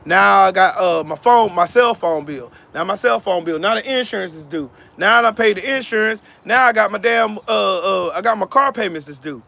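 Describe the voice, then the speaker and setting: Fired-up high-voiced man with a gravelly edge. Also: animated, moderate pace, hardly any pauses, bright, forceful tone. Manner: profane, fired-up, repetitive; talks to chat viewers by name. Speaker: live-stream host. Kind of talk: heated live-stream commentary.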